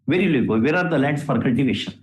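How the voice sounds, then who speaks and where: A man's voice: medium pitch, expressive, rapid-fire, a little hiss or hum. A man with an Indian English accent speaking from the bench as a judge, lecturing and scolding the lawyers with rhetorical questions. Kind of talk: courtroom remarks from the bench. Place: courtroom. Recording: roomy courtroom sound.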